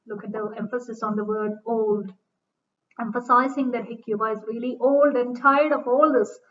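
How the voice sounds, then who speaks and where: A woman's voice: a little high, fairly even intonation, moderate pace. A woman giving a literature lecture, reading lines from a play aloud and then explaining them in plain words, with fillers and restarts. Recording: dull distant recording.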